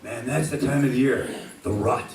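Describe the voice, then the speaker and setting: A man's voice: mid-range voice, normal speed, gravelly, a little hiss or hum. A man telling crude comic stories to a live crowd on a handheld mic, chuckling through his own jokes. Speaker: comedic performer. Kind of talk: live comic storytelling to an audience. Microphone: handheld microphone. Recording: echoey, distant, over loud guitar music.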